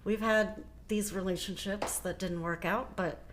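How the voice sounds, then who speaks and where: A middle-aged woman chatting earnestly as a podcast guest, her voice sitting at an ordinary middle pitch. Faint noise hums behind her, and she keeps talking over and finishing her sister's lines. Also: fairly even intonation, a little slow. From Ohio, USA. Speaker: guest musician. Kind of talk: casual interview chat.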